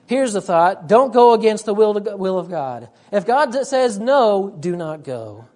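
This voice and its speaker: A woman's voice: mid-range voice, lively intonation, measured pace, darkish tone. A woman preacher delivering a sermon, emphatic, repeating her points and often urging "listen".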